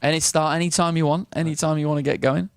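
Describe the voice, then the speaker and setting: A man's voice: on the high side, fairly even intonation, fast talker, clear, resonant tone, no room sound. A man hosting a shipboard morning show, chatting and teasing his co-host. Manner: playful, teasing. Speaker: cruise ship show host. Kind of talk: casual teasing chat.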